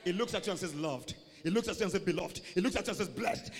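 A man preaching a sermon as pastor, animated, swinging from booming shouts to low mocking asides. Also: fast talker, hardly any pauses. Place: church hall. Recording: reverberant church hall.

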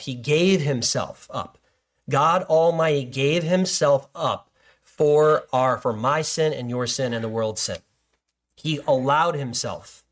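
A man preaching a sermon in a conversational way, acting out listeners' doubts as he goes. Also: medium pitch. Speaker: pastor.

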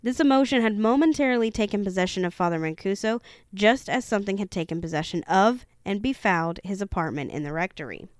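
A woman reads a haunted-house book aloud at an even storytelling pace. Her voice is smooth and clean, sitting in the middle of the range. The sound is dry, with no room around it, and she sometimes stumbles on a word and goes back over it. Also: mid-range voice, quick pace, hardly any pauses, no echo. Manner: steady storytelling with occasional stumbles and self-corrections. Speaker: reader of a true-haunting book. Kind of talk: reading a horror book aloud.

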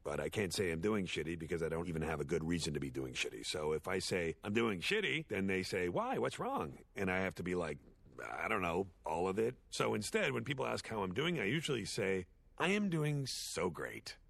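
A man voicing a washed-up male horse sitcom star, giving a rambling, sardonic, self-deprecating eulogy in an animated series. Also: low-pitched, fairly quick, gravelly, slightly rough, no room sound, exaggerated voice. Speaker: eulogy speaker. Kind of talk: animated series dialogue, comic monologue.

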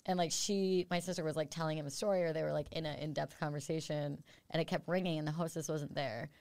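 A young woman hosts a casual podcast, rambling through a story and acting out quoted voices. Her voice sits lower than most women's, recorded close and dry. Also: steady tone, fast, a little mellow, dry recording. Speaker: podcast host.

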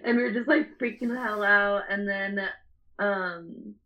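A woman's voice: mid-range voice, steady tone, unhurried, bright, forceful tone, rough recording. A young adult woman telling a story in casual chat, rambling and swearing, often breaking into laughter.

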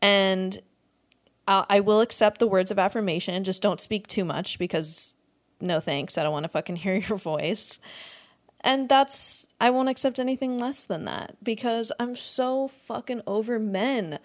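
A woman's voice: mid-range voice, unhurried. A young woman hosting a podcast, ranting in a crude, exasperated comedic monologue, swearing freely and breaking into laughter often. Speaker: podcast host.

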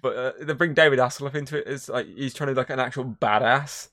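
Fast-talking, swearing podcast co-host man. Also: mid-range voice, pushed and bright. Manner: rambling, swears a lot, acts out scenes in voices. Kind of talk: casual chat.

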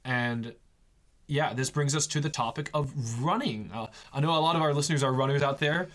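A man's voice: medium pitch, a bit bright. A man hosting a casual faith podcast, joking and laughing between points. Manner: jokey and laughing, quick asides. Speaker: podcast host.

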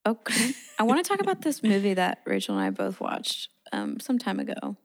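A woman's voice: medium pitch, wildly swooping pitch, a little fast. Playful young woman podcast co-host. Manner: playful, hypes up her co-host. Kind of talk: casual chat.

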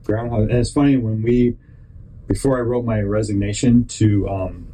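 A podcast host with a lowish voice gives a rambling, faith-based motivational talk, halting and interrupting himself as he stops and restarts thoughts, and he tells stories with animation. The audio is poor, with a little hiss or hum.

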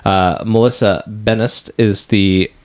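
A man's voice: fairly low pitch, steady tone, slow. A man hosting a casual podcast, talking through a film and its cast with friends. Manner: talkative, breaks into short acted quotes. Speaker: podcast host. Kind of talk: casual movie discussion.

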